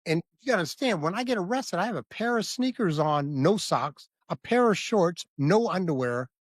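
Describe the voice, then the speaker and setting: A man's voice: high-pitched, expressive, normal speed, dry recording. A man guesting on a podcast, telling a hard personal story in a candid, vivid way and often stopping to check the listener.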